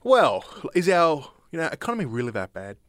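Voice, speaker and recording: A man's voice: a little high, wildly swooping pitch, brisk, no room sound. A man co-hosting a radio show, hesitant and full of fillers, with dry joking. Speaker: co-host. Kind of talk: casual chat.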